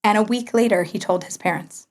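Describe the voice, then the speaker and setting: There's a little hiss or hum behind this podcast guest, a woman in her forties with a mid-range voice who talks a little fast. She tells a personal story vividly, acting out the exchanges and laughing often.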